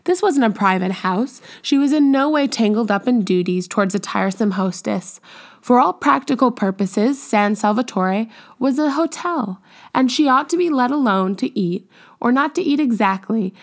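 A woman reading a classic novel aloud as audiobook narrator, measured and even. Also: fairly high pitch. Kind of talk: scripted narration.

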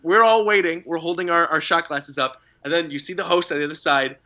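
Bright-voiced chatty man. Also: fairly high pitch, brisk. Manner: animated, lots of fillers and acted-out quotes. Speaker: podcast guest. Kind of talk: casual storytelling.

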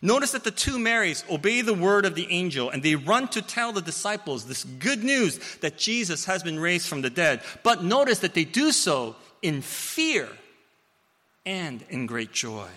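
Animated male preacher in a reverberant hall. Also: a little high. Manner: storytelling, animated, with playful asides. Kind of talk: sermon.

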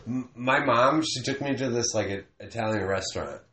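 A man's voice: medium pitch, moderate pace, fairly bright tone. A man telling a rambling story on a casual podcast, swearing and trailing off often. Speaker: comedian podcast host. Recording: echoey room with faint noise.

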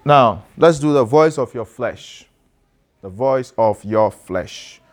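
Taking it slowly in a mid-range voice, a man leads an easygoing, interactive sermon in the manner of a pastor and teacher. He asks questions and calls on people by name to do the reading.

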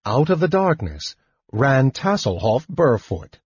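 A man narrating an audiobook in a slow, expressive reading. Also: lowish voice, breathy edge, dry recording, dull audio. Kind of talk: scripted narration.

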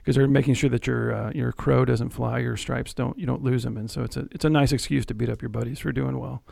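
Quick-talking gravelly man. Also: mid-range voice, steady tone, a little mellow, dry recording, clean studio sound. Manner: quick, chatty asides. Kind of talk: casual chat.

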